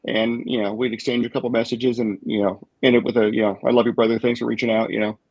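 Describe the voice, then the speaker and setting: A man on a podcast speaking haltingly, with many fillers, in casual chat. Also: medium pitch, flat delivery, a little mellow, breathy edge, dry recording, highs cut off.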